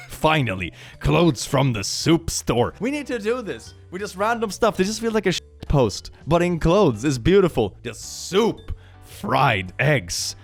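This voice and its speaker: A man hosting a comedic reaction video, reading posts aloud and riffing on them sarcastically, often breaking into laughter. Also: mid-range voice. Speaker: host reading and reacting to social media posts.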